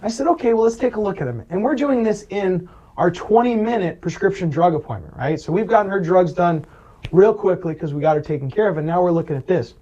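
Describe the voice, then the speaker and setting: A man's voice: sits high, animated, quick pace, warm tone, highs cut off. A man being interviewed as a Medicare advisor, telling client stories with lots of "right?" and acted-out quotes. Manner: storytelling, acts out quoted voices, frequent "right?". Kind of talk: conversational interview.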